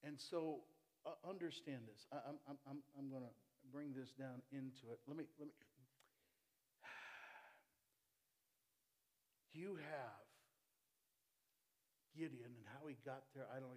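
A man pastor preaching a sermon, animated and playful, swinging between loud bursts and hushed asides. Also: medium pitch, normal speed, long pauses. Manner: playful, jokes with the congregation.

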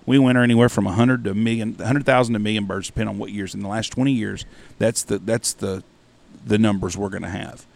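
Low gravelly man, earnest host. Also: fairly even intonation, fast talker, few pauses, a little mellow. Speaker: podcast host. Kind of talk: casual chat.

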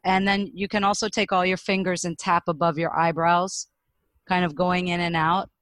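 A woman guest on a podcast, a speaking coach explaining and demonstrating vocal warm-up exercises. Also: on the low side, flat delivery, moderate pace, no echo. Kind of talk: podcast interview.

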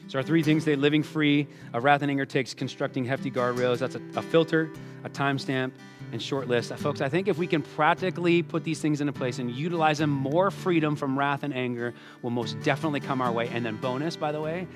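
A man's voice: mid-range voice, fast talker, over music. A man preaching a sermon in a conversational way, calling his listeners folks and acting out the quotes he reads. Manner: conversational, addresses listeners as folks, animated quoting. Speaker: pastor.

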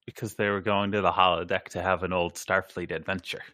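A podcast co-host making deadpan, joking asides in casual chat. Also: low voice, brisk, dry recording, studio quality.

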